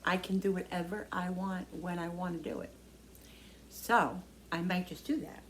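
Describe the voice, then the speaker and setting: A woman talking casually to the camera in her home kitchen, chatty and quick to vent when annoyed. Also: lowish voice, a little hiss or hum. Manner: chatty, animated, prone to exasperated venting. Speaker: home cooking vlogger.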